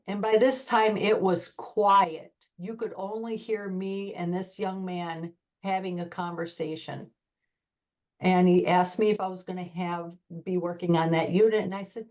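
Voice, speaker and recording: A woman's voice: mid-range voice, fairly even intonation, moderate pace, darkish tone. Earnest woman telling her story, lo-fi. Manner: earnest, vivid retelling with quoted dialogue. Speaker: guest, former corrections officer. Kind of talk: personal storytelling in an interview.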